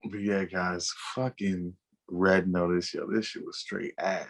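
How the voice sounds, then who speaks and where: Casting: lower-voiced male co-host, slangy and profane. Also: level tone, measured pace. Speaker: podcast co-host. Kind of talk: casual chat.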